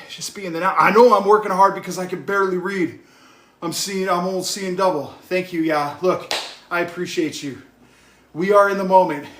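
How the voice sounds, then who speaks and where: An out-of-breath man talking to his live stream chat while riding an exercise bike at home, getting worked up and yelling at times. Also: high voice, roomy sound. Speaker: fitness vlogger live streaming his workout.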